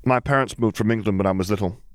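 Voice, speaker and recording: A man's voice: lowish voice, fast, no echo, lightly acted. A man reading a storybook, voicing a polite, careful teenage witch girl.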